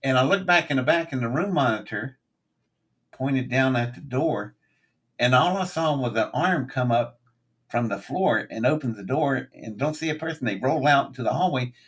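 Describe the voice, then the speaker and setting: An older man with a husky, slightly rough voice tells a long story in casual conversation. He swings into quoted lines with lively, acted-out energy, pitching up for punchlines. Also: normal speed. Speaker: guest.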